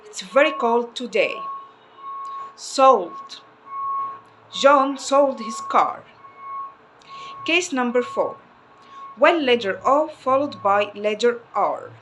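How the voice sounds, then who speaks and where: Slow, patient woman teaching phonics. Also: a little high, expressive, a bit bright, a little hiss or hum. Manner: slow, repeats each word twice, stretches vowels. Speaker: English teacher. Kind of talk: phonics lesson.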